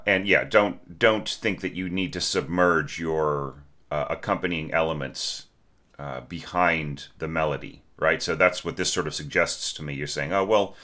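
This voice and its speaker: Low-voiced man, forceful bright tone, teacher talking through a student's score casually. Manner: conversational, many fillers and "right?" tags; sings phrases to show inflection. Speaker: orchestration teacher.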